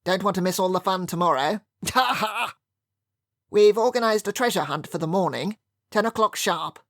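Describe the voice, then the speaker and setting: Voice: mid-range voice, normal speed, a bit bright, no room sound, clean studio sound, pitched above the performer's own voice, close to an everyday voice. The audiobook narrator voicing a jovial old military colonel with a bluff, hearty manner. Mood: jolly.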